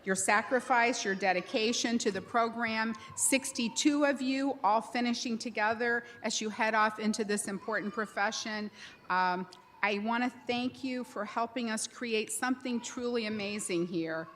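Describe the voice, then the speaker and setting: A woman speaking as a university president at a graduation ceremony, telling a story in a warm, conversational way at a podium microphone. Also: fairly high pitch, moderate pace, slight background noise. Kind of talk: commencement speech. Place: large ceremony hall.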